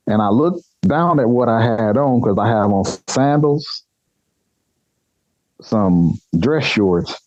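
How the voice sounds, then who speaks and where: Low-voiced Nebraska man telling a story. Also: dry recording. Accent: Nebraska country. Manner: animated, acts out dialogue with pitch jumps. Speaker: podcast guest. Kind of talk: casual storytelling. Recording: dull lo-fi sound.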